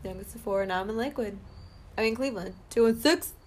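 A young woman from Ohio chatting casually as a podcast co-host. She talks in a slightly high voice, jokes constantly and laughs between lines. A faint background hiss sits under her voice. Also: fast talker. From Toledo, Ohio, US. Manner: joking and giggly, slips into playful put-on voices. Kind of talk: casual chat.

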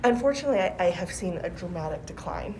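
A woman in her forties, a teacher, answering interview questions in a thoughtful, measured way with restarts. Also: on the low side, lively intonation, noisy background. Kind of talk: conversational podcast interview.

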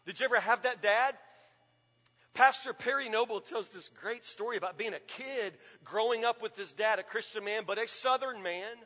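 A man preaching with a high, bright, forceful voice that rings through a large church. He hammers points home, repeating himself and asking the congregation questions. The long hall reverb trails after each phrase. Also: normal speed. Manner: emphatic and repetitive, asking the crowd questions. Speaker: pastor. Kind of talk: sermon.

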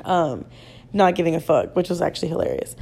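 A woman's voice: fairly low pitch, brisk, vocal fry, dark tone, husky. A young woman hosting a podcast who tells a story in a chatty, casual way, swearing freely and using lots of "like" fillers. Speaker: podcast host.

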